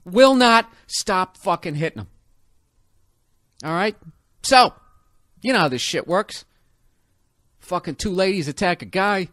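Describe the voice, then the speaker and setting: A man with a fairly high voice for his sex tells a story as a profane comic rant. He keeps it animated and slips into quick impressions of the people involved. The sound is dry and close, with no room echo.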